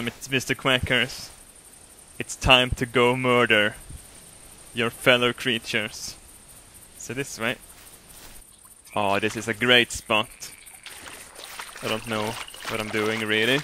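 A man's voice: mid-range voice, sharp tone, a little hiss or hum. A man giving goofy, joking commentary while playing a hunting game, swearing and laughing often. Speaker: gameplay commentator. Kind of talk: casual let's-play commentary.

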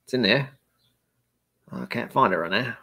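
Tasting whiskey during a stream, this man speaks in a slightly low, husky voice with a sharp tone. He's expressive and moderately paced, rambling and cracking jokes while responding to his chat.

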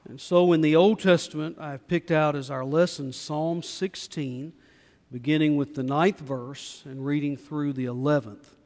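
A man leading a prayer and reading scripture aloud in church, measured and solemn with rising emphasis. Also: fairly high pitch, fairly even intonation, a little mellow. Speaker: pastor. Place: church sanctuary. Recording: long reverb of a church hall.

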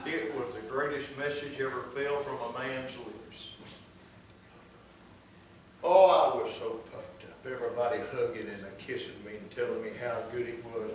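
A man preaching a sermon, swinging between loud exclamations and soft, drawn-out storytelling. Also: medium pitch, background noise. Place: church sanctuary. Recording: echoey church room from far off.

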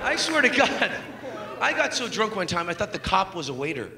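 A man performing a stand-up comedy set with rapid impressions and sudden voice shifts, on a club stage. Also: high voice, sing-song, very noisy. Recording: roomy club mic with loud crowd laughter.

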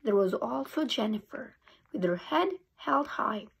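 High-voiced teacher reading aloud. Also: female voice, unhurried, gravelly, slightly rough. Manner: expressive storytelling. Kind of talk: read-aloud for children.

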